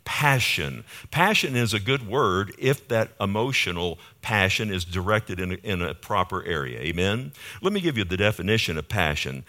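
Low-voiced preacher, emphatic. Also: male voice, expressive, normal speed, hardly any pauses, bright, forceful tone. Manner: emphatic preaching, frequent "amen?" asides to the congregation. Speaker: pastor. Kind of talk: sermon. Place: church in Fort Worth.

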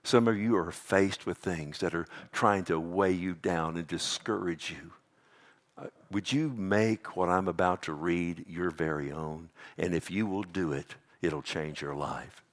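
Male pastor in a church, sermon delivery, shifts between quiet intimacy and forceful emphasis. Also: deep voice, a little slow. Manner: dynamic preaching, swings from hushed to loud emphatic.

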